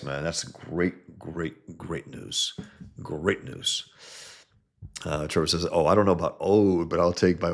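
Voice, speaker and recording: Low gravelly man, livestream talk. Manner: enthusiastic, profane, reads chat aloud. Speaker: livestream host reviewing comic art. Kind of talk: casual livestream commentary.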